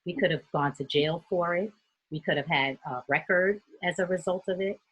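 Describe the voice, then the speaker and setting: A woman from New York, a youth mentor, telling a personal story in an earnest, steady way during a group discussion on a video call. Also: on the low side, normal speed, husky, dry recording, rough recording.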